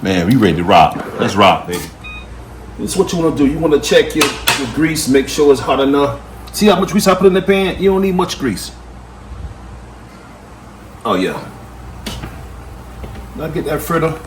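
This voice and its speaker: A man's voice: fairly high pitch, big pitch swings, normal speed, long pauses. A man hosting a casual home cooking video, talking folksy and playful to the viewer while he works in his kitchen. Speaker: home cook and channel host. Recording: loud kitchen noise behind voice. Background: sizzling frying and clattering pots.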